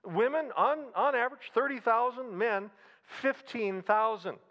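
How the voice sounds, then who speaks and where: A man's voice: very high-pitched, measured pace, dull audio. A man preaching a sermon in a conversational style, repeating phrases and slipping in humor. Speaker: pastor.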